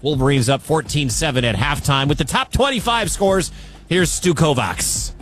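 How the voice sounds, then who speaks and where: A man's voice: a little high, lively intonation, normal speed, fairly bright tone, faint music behind. A man from the American Midwest hosting a radio sports talk show, chatty and opinionated, often tripping over his words. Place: studio in Des Moines.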